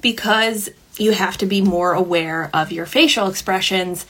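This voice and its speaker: A woman talks through a solo podcast episode in a relaxed, chatty way. She keeps checking in with quick "okay?" and "right?" tags and lets small laughs slip in mid-sentence. Now and then she jumps into short voices of a child or a parent to show a point. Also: mid-range voice, husky. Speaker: podcast host, parenting coach. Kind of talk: casual solo podcast teaching.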